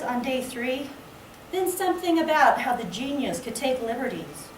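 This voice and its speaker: A woman reading her poetry aloud at a public library event in a measured, lyrical way. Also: high-pitched, sing-song. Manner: slow, measured, lyrical delivery. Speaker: poet reading her work. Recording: echoey room, distant mic, background noise.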